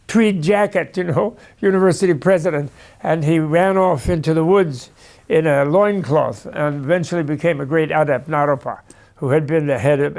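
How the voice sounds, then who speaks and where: A man lecturing on history in a loose, anecdotal style, drifting into asides. His voice is gravelly and sits somewhat high for a man. He sounds like he enjoys telling the stories. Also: darkish tone. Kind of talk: storytelling lecture.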